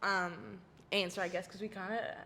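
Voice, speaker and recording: A woman's voice: mid-range voice, level tone, normal speed, pushed and bright, a little hiss or hum. A young Australian woman co-hosting a podcast in casual chat, rambling and giggly with many fillers. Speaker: podcast co-host.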